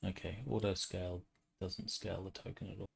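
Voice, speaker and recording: A man serves as game master for a tabletop session. His voice sits deep and stays level, with little rise or fall. He explains rules and positions in a patient, matter-of-fact way. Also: level tone, fairly quick, creaky, husky.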